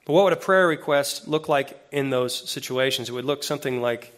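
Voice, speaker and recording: Preaching in a conversational style, this male associate pastor speaks briskly in a mid-range voice and becomes more animated as he recites scripture.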